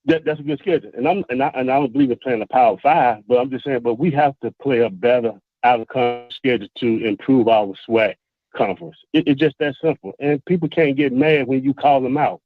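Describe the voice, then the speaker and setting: A man calling in over the phone, making an earnest point in a halting way with repeated words. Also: mid-range voice, no echo. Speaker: caller. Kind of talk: call-in sports talk. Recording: dry, tinny phone line.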